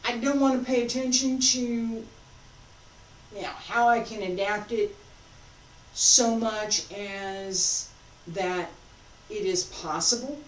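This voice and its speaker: A woman teaching a qigong class, calmly giving breathing and movement cues. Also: fairly high pitch, slow pace, pauses often. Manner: calm, guiding cues paced to breathing. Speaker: qigong instructor. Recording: echoey room, distant mic, faint noise.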